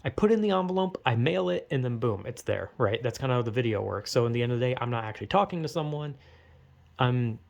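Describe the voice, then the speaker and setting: A man's voice: mid-range voice, lively intonation, fast talker, vocal fry. A young man rambling in a casual, self-conscious monologue, swearing as he goes. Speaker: vlogger.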